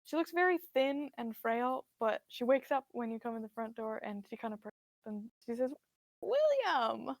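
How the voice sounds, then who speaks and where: A woman narrating a tabletop role-playing scene as game master, descriptive and relaxed, with fillers. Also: on the high side, brisk, dry recording.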